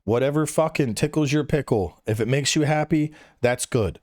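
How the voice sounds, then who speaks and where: A man's voice: mid-range voice, normal speed, a little mellow, dry recording. Guest in a casual podcast: a man who rants bluntly and profanely, in a dry close-miked sound.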